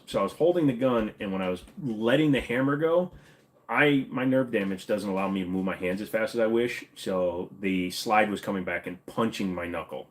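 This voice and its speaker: Minnesotan male host, very low voice, blunt opinions, casual Q&A. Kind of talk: casual livestream Q&A.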